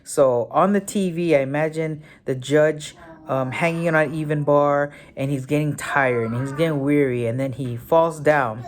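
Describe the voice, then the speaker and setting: A woman with a very deep voice gives a casual spoken tutorial on memory techniques at a moderate pace. She thinks aloud, uses lots of fillers, and corrects herself as she goes.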